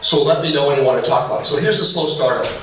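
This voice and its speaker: A man's voice: on the high side, rapid-fire, fairly bright tone. Man, middle-aged, workshop presenter, conversational and humorous, distant mic, faint background hiss. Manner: humorous, conversational, acts out little dialogues. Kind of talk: casual workshop talk with personal stories. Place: large echoey hall. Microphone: distant room mic. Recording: echoey hall, far from mic, faint noise.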